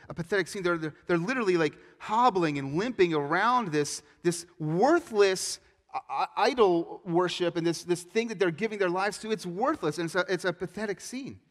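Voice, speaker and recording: A male pastor delivers a sermon from a church sanctuary, his fairly high voice echoing in a long hall reverb. He reads scripture loudly and with force, then drops to a quiet, earnest tone to press his point. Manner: swings from loud emphatic reading to quiet earnest appeals.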